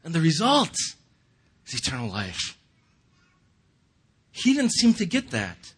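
A man's voice: on the high side, huge pitch swings, slow pace, slightly rough. A man giving a casual, conversational sermon, often chuckling and restarting his sentences. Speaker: pastor.

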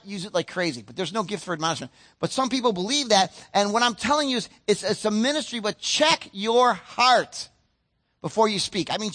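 A man preaching a sermon as pastor, earnest and emphatic, slowing down to stress key points and acting out other people's voices. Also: sits high, a bit bright. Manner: acts out other people's voices mid-sentence.

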